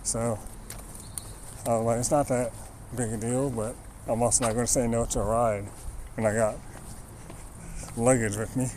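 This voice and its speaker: Laid-back male streamer at mid pitch, wry, rambling storyteller; faint outdoor noise. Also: little pitch movement, moderate pace, pauses often, dark tone, low-quality recording. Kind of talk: casual storytelling.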